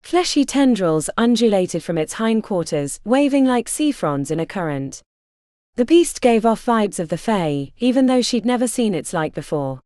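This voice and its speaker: A woman narrating a fantasy audiobook in an expressive, dramatic reading style. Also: medium pitch, moderate pace, no echo, studio quality.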